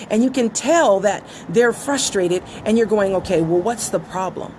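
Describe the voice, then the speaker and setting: A woman's voice: mid-range voice, moderate pace, few pauses, a little mellow, a little hiss or hum, rough recording. Earnest woman coaching on listening. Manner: earnest, acts out quoted conversations. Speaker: business coach. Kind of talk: motivational teaching monologue.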